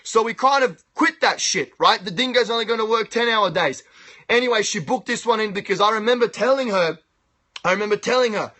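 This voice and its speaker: An Australian man talking on a phone live stream in a loud, boastful, profane, hyped-up way. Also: high voice, brisk.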